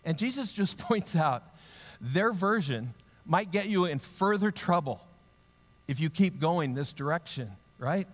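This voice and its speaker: A man preaching a sermon in a lively, humorous way, acting out the story in voices and then dropping into quiet, earnest reflection. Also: measured pace, in a large hall. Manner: drops to a low, quiet, earnest tone. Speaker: pastor.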